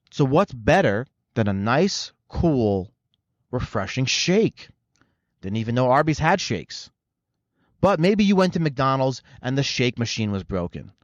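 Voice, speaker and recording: A man ranting as a comedy host, sarcastic and profane, drifting off on tangents. His voice sits at an ordinary middle pitch. The sound is dry and a little dull. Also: no room sound. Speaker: show host. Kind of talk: comedic commentary rant. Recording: slightly muffled dry recording.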